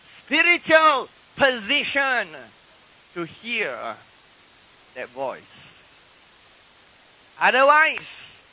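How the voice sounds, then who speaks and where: A male pastor preaching a sermon in a church, swinging dramatically between loud proclamations and hushed asides. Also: very high-pitched. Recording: dull lo-fi archive recording with hiss.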